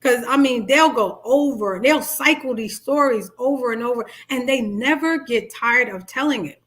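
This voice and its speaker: Chatty woman coach, animated and high-pitched. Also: moderate pace. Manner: chatty, animated, acts out quoted dialogue in high voices. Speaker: life coach. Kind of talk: live-stream talk on narcissistic abuse.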